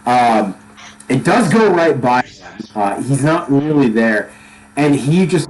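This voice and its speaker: A man's voice: mid-range voice, lively intonation, slow, low-quality recording. A young man narrating as dungeon master, who laughs often and restarts his sentences. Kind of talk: narrating a tabletop game.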